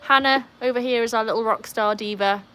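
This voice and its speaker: A woman's voice: on the high side, fairly even intonation, fairly bright tone. Chatty British woman hosting a livestream. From United Kingdom. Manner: chatty and upbeat, rambling, quick asides to her dogs. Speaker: livestream host. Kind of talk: casual livestream chat, reading viewer comments aloud. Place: at home with her dogs.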